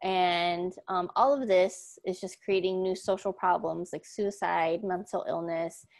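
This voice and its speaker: A woman's voice: lowish voice, fairly even intonation, unhurried. A young woman giving a casual class presentation, talking loosely with frequent ums and upbeat asides. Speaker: student presenter.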